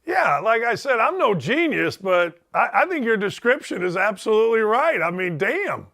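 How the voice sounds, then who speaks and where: Bright, high-voiced sports talk host. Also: male voice, very animated, moderate pace. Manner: blunt, casual, folksy. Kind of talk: casual interview chat.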